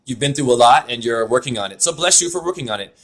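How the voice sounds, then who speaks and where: A man's voice: mid-range voice, lively intonation, fast talker. Effusive man giving a spiritual reading. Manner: effusive, rambling spiritual talk with wordplay. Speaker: spiritual name reader. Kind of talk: video chat reading. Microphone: video call.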